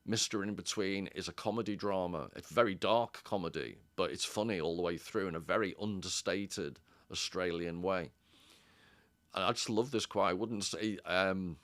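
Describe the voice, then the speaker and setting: A man's voice: low-pitched, a bit bright, no echo. A man giving a casual commentary as a video essayist, digressive and wry, often interrupting himself.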